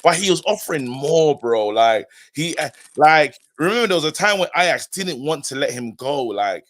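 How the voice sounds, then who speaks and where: A man hosting a fan call-in show, animated and slangy, laughing often. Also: a little high, moderate pace. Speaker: host. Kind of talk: casual fan call-in chat.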